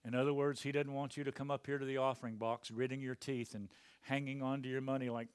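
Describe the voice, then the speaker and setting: A male pastor preaching a sermon emphatically, swinging from quiet to loud. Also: medium pitch, flat delivery, quick pace, clean tone, no room sound.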